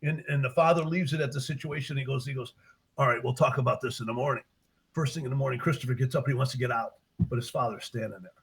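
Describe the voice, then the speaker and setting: Speaking fast in a husky, medium-pitched voice, an older man who wrote a book tells its story during a relaxed interview. He's animated, performing his characters' voices along the way, and the audio is poor.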